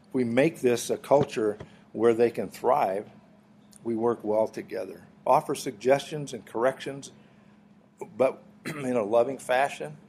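A middle-aged man delivers a sermon to his congregation. His voice has a slight huskiness and sits at an ordinary pitch. He teaches earnestly, restarting phrases and clearing his throat now and then. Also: a little mellow. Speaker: pastor.

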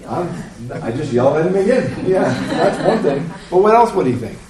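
A man's voice: fairly high pitch, very animated, normal speed, crowd noise. Man teaching a counseling class. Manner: asks the class questions, acts out quoted replies. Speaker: counseling instructor. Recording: roomy classroom with faint noise.

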